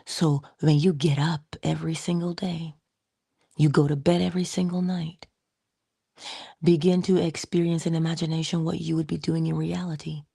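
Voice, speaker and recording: A woman hosting a casual motivational livestream, playful and chatty, slipping into whispery asides and animated quoted voices. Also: moderate pace, dry recording, studio quality. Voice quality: low gravelly husky voice. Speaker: livestream host.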